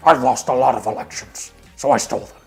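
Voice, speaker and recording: A man doing an impression of a boastful older male politician, speaking in a gruff, gravelly, self-incriminating growl. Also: medium pitch, quick pace, soft background music, voice pushed down, close to an everyday voice.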